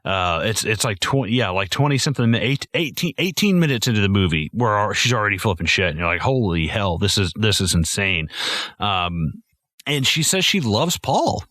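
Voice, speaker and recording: A man's voice: on the low side, very animated, fairly quick, pushed and bright, no room sound. Podcast guy going on about a movie, swears a lot, dry sound. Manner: rambling, profane, enthusiastic. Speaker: podcast host. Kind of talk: casual film-review chat.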